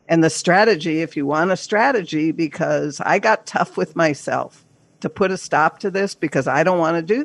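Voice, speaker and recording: A low-pitched older woman, working as a therapist and coach, appears as a podcast guest and speaks in an earnest, emphatic coaching manner. At times she performs inner voices as if quoting them. The recording is dry.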